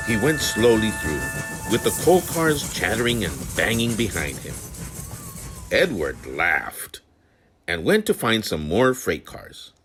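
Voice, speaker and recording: Slow, expressive male storyteller. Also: on the low side. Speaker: narrator. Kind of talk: storybook narration. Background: background music.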